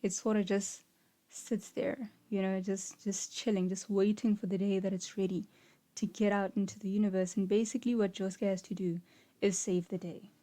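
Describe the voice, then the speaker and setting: Mellow-voiced woman in casual commentary. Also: medium pitch, normal speed. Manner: animated, acts out quoted characters, frequent "like" and "right?". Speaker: anime video essayist.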